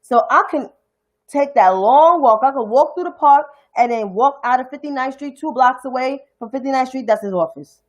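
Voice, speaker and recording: A woman's voice: sits high, expressive, normal speed. A woman from Harlem with a New York accent, hosting a casual livestream commentary show. She rants bluntly and profanely. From New York City (Harlem). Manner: blunt, profane, indignant ranting.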